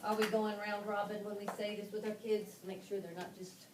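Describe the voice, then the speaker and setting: A woman leading a phonics workshop for teachers, spelling letters out slowly with frequent ums and restarts. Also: medium pitch, little pitch movement. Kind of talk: classroom-style instruction to fellow teachers. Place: classroom. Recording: roomy, distant and noisy classroom recording.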